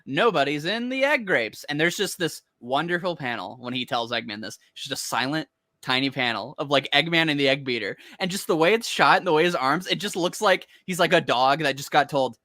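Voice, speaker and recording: A man's voice: fairly high pitch, a little fast, no echo. A man co-hosting a podcast in casual chat. He tells stories with energy, acts out characters, and laughs often. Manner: animated storytelling, acts out characters. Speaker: podcast co-host.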